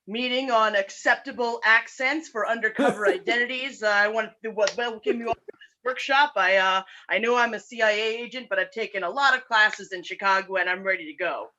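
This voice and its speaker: Bright, brisk woman improviser on a call. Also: on the high side, slight background noise. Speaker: improv performer. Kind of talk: improv comedy scene. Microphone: video call. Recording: muffled video-call audio.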